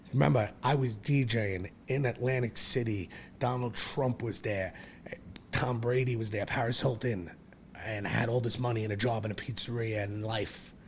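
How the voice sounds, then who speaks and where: Low-voiced blunt New man. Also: fairly even intonation, normal speed, a little hiss or hum. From Brooklyn, New York. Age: 40s. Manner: blunt and profane, rambling with restarts. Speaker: podcast guest. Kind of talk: candid personal storytelling.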